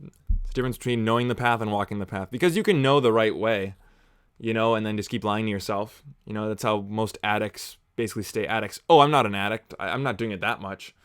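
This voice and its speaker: Smooth, low-voiced young man chatting casually. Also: fast talker, no room sound, clean studio sound. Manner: chatty, sarcastic, juvenile jokes. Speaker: movie review host. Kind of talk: casual watch-along chat.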